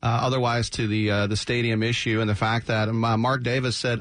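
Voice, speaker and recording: A man hosting a sports talk radio show, animated and jokey, often slipping into quick mock voices. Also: medium pitch, dry recording. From San Francisco Bay Area. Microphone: studio microphone.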